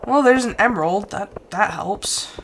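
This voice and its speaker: A woman's voice: mid-range voice, a little slow, vocal fry, slight background noise. A woman streamer commenting live on her farming game, exasperated and talking herself through setbacks. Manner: exasperated, talks to herself, self-soothing.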